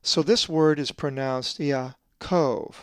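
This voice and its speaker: A man who translates the Bible, giving a scripted lesson on Greek pronunciation and slowly drawing out each example word. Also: fairly high pitch, smooth, no echo, studio quality. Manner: methodical, drawn-out slow stress on Greek words.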